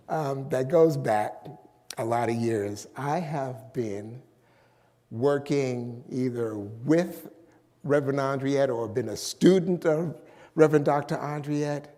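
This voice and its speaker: A man's voice: mid-range voice, mellow, big-room sound. A middle-aged man preaching a sermon as a minister, emphatic and drawing out his key words.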